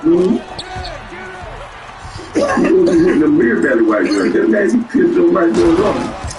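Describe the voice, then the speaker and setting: A man's voice: high-pitched, a little mellow. A man streaming a reaction, laughing a lot and mocking the person in the clip in casual commentary. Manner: laughs often, teasing, repeats lines back. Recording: roomy, distant from mic, faint music.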